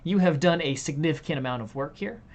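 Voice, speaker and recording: A woman game master narrating a tabletop game in a measured, deliberate way with small hesitations. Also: low-pitched, darkish tone, dull audio.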